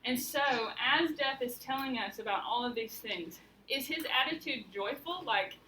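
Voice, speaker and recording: A woman teacher walks her students through a lesson, asking questions and steering them toward answers. Her voice is high and bright. The mic sits at a distance in an echoey room with faint background noise. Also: lively intonation, normal speed. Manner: questioning, guiding students step by step. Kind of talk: classroom lesson. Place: classroom.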